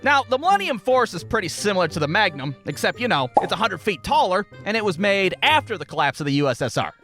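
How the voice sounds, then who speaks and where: A man narrates a cartoon storytime in a high, bouncy voice that swings widely in pitch. His tone is bright and edgy, full of profanity and sarcastic exaggeration. Faint music sits under the narration. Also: sing-song, fast talker. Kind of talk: comedic animated storytime narration.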